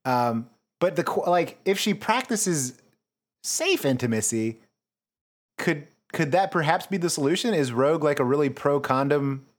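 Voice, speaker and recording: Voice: lively intonation, measured pace. A podcast co-host riffing and joking in a casual comedy chat. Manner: jokey, swoops up and down in pitch.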